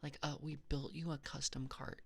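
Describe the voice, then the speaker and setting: A woman's voice: sits low, little pitch movement, normal speed, gravelly, husky, exaggerated voice. A woman voicing a mock-proud female circus clown who praises a fellow act in a rambling, mock-earnest way, full of fillers. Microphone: binaural microphone.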